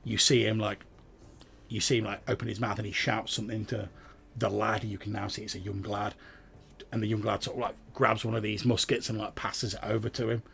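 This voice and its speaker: Gravelly low-voiced game master. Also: male voice, level tone, brisk, fairly bright tone, slight background noise. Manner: many fillers, describes scenes loosely. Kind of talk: narrating a tabletop game.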